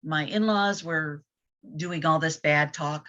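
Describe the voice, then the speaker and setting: A woman's voice: low-pitched, slow, fairly bright tone. A woman in a casual group chat, speaking candidly and reflectively in plain words. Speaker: group discussion participant. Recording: dull lo-fi audio.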